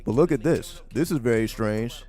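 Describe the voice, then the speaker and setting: A man's voice: mid-range voice, normal speed, warm tone. A man giving casual livestream commentary, profane and sarcastic, firing off repeated rhetorical questions. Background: faint background music.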